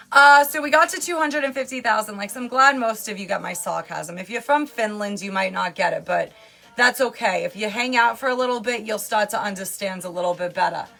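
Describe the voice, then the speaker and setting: Reading her chat aloud, a New York woman runs a laid-back livestream and needles her viewers with loud, sarcastic jokes. She speaks at a moderate pace in a middle-pitched voice with vocal fry, faint music playing underneath.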